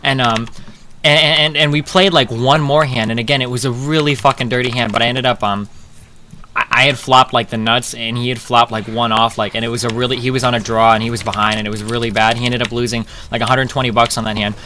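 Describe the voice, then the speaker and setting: A man's voice: mid-range voice, fairly even intonation, fast, slight background noise. A man streaming, telling a rambling poker story full of profanity, with fillers and restarts. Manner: profane, rambling, gets loud and laughing.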